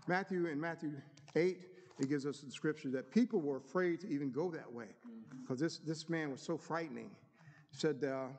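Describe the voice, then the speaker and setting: A man's voice: on the high side, normal speed, darkish tone. A man preaching a sermon, reading scripture aloud with rising emphasis and stopping now and then to find his notes. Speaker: deacon preaching. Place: church sanctuary. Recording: long reverb of a church hall.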